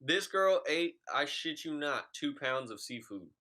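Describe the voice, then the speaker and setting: Bright-voiced laid-back guy telling stories. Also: fairly high pitch, lively intonation, a little slow. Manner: laid-back, profane, rambling with lots of "bro" and "like". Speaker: podcast co-host. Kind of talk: casual chat, storytelling.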